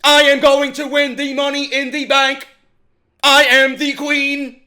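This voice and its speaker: A man mimicking a female wrestler who boasts in a flat, robotic monotone. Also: very high-pitched, unhurried, pitched above the performer's own voice, exaggerated voice.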